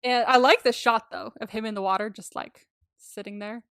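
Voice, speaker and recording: A woman co-hosts a podcast in a relaxed, chatty way, breaking into giggles and leaning on 'like' as she goes over a movie. Her voice sits a little on the high side. The recording is dry, with no room sound around her. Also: normal speed, gravelly, clean tone, no room sound. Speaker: podcast co-host. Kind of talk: casual chat recapping a movie.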